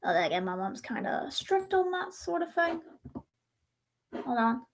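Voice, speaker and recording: High-voiced rambling woman. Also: sing-song, moderate pace, vocal fry, slight background noise. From Ireland. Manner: rambling, chatty, often breaking off and restarting sentences. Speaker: livestreamer. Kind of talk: casual livestream chat.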